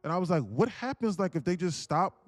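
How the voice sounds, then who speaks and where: A man's voice: high voice, animated, brisk, dry recording, soft background music. A man hosting a trading livestream, telling a long story in a rambling, emphatic way, full of "like" and swearing. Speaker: trading stream host.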